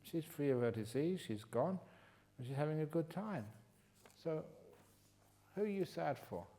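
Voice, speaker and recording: Genial older English monk giving a talk. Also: male voice, a little high, lively intonation, a little slow. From England. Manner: humorous, teasing, then gentle and reflective. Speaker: meditation teacher answering questions. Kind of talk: retreat Q&A talk. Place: retreat hall.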